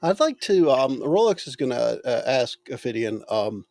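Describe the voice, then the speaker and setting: A male tabletop player speaks in a halting way, padding his turns with fillers. The sound is dry. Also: mid-range voice, sing-song, creaky, a little mellow, dry recording. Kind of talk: tabletop game play.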